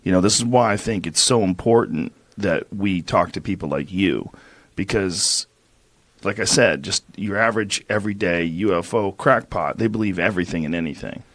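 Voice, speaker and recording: A man hosting a podcast, asking questions in a relaxed, conversational way. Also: deep voice, normal speed, no echo. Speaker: podcast host. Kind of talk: casual interview talk.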